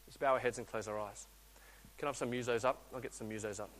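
A man, a guest preacher telling a story in a sermon, swinging between loud urging and quiet intimate speech. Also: medium pitch, fairly even intonation, quick pace, in a large hall. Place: church hall.

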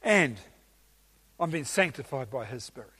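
A man's voice: medium pitch, lively intonation, moderate pace, bright, forceful tone, breathy edge. A man preaching a teaching sermon with emphatic enthusiasm and some hesitations.

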